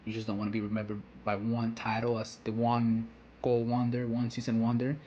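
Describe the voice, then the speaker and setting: A man's voice: medium pitch, monotone, a little fast, dark tone, highs cut off, slight background noise. A man giving casual reaction commentary on a manga, rambling with slang, "you know" fillers and frequent restarts.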